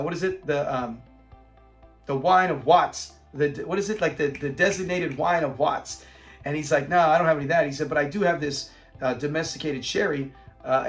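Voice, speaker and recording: Guy with a high voice recapping an old sitcom, keeps laughing and doing the lines, faint music under. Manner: animated retelling, acts out the characters' lines, laughs often. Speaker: host reviewing TV episodes. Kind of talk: casual episode recap.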